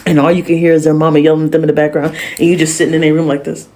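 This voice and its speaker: A woman telling a workplace story in a casual storytime style, animated and slangy, acting out the people she quotes. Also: deep voice, very fast.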